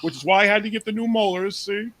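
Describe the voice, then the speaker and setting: A man's voice: sits high, quick pace, a bit bright, a little hiss or hum. A man hosting a casual chat with friends, joking and swearing freely.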